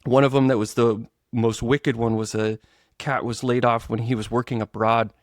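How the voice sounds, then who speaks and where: Animated storytelling man on a dry podcast mic. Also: moderate pace, no echo. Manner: animated storyteller, acts out quotes with big pitch jumps. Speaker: guest co-host, web developer. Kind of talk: casual podcast chat.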